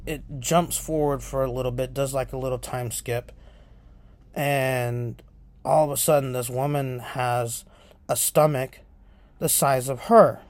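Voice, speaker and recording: A man hosting a podcast, casually retelling horror film scenes in a profane, animated way. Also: medium pitch. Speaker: podcast host.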